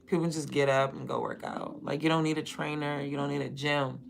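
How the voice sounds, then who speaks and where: A woman's voice: sits low, flat delivery, fairly quick, vocal fry, a little hiss or hum. A young woman chatting casually on her livestream, blunt and profane, rambling. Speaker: livestream host.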